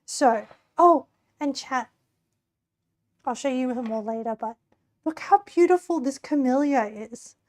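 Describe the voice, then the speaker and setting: Young woman streaming from home, voice all hoarse and creaky, rambly chatty talk, dry no-echo mic. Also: slow, long pauses, a little mellow. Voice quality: squeaky, creaky voice. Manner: chatty and rambling, laughs often. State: hoarse, losing her voice. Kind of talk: casual live-stream chat. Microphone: desk mic.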